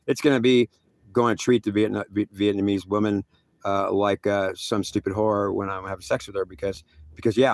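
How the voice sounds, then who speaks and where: An older man telling his own story in a rambling, intense monologue, harshly critical of himself. His voice sits low with a gravelly edge. The sound is dry and close, with no room echo. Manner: rambling, intense, self-critical, frequent restarts. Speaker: veteran storyteller. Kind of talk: emotional personal monologue.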